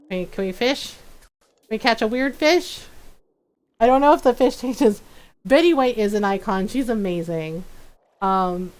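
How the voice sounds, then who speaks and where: A woman streaming a video game live, reacting excitably and laughing often as she chats with viewers. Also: on the high side, slow, long pauses. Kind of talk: live gameplay commentary.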